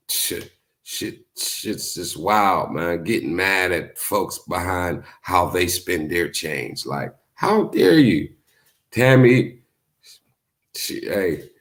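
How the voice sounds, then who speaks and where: A man with a lowish voice chats casually to his live viewers. He tells stories in a loose, profane way. He mimics other people in sudden high voices. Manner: animated storytelling, acts out quotes in high voices; profane, laid-back. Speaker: YouTube streamer. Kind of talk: casual live-stream commentary.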